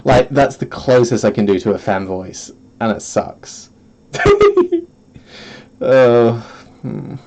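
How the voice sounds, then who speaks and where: A man's voice: medium pitch, unhurried, vocal fry, warm tone. A man streaming from home, chatting casually in a rambling, self-deprecating way and often breaking into giggles. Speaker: vtuber streamer. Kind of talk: casual solo stream chat.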